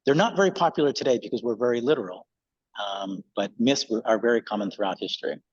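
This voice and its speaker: A man's voice: medium pitch, fast, husky, highs cut off. A male pastor giving a casual, conversational sermon in a church, with loose fillers.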